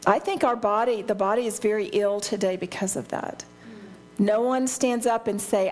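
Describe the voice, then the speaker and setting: A woman's voice: fairly high pitch, unhurried. An older woman teaching a Bible study, talking in an earnest, heartfelt way and often restarting her sentences.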